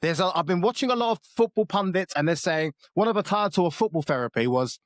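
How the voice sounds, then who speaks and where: A man's voice: high voice, lively intonation, fast talker, dry recording, clean studio sound. A man co-hosting a football podcast, talking bluntly, swearing and joking in casual chat.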